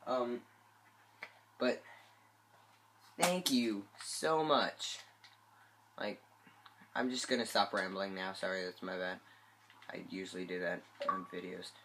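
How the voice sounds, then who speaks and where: A gameplay channel host who is sick speaks into a phone mic, his low, congested voice bright and forceful yet fairly even in intonation. He takes it slowly, rambling and hesitating with many fillers and long pauses. Guitar music plays behind him, with slight background noise.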